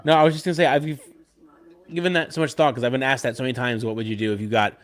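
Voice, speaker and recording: An agreeable man from New Jersey co-hosts a live stream in easygoing chat. He talks at a middle pitch and keeps chiming in with short replies. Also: fairly even intonation, racing.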